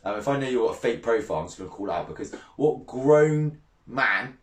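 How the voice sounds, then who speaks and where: A man in his thirties rants to camera in a casual vlog, blunt and brash, swearing freely and laughing often. His voice sits at a middling pitch, and the room adds a noticeable echo. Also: lively intonation, fairly quick. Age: 30s. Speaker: fishing channel vlogger.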